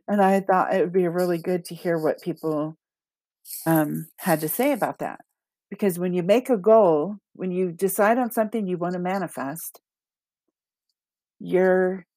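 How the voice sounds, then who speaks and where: Woman, podcast host, casual solo talk, chatty, laughs often, low voice, dry close sound. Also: darkish tone, no echo. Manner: chatty, laughs often, reads listener comments aloud. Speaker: podcast host and manifesting coach.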